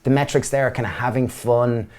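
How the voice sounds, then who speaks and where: A man's voice: medium pitch, fairly even intonation, brisk, a little mellow. An Irish man in his thirties, a business co-founder, telling stories with enthusiasm in a casual interview and acting out the voices of people he quotes. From Ireland. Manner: enthusiastic storyteller, acts out voices.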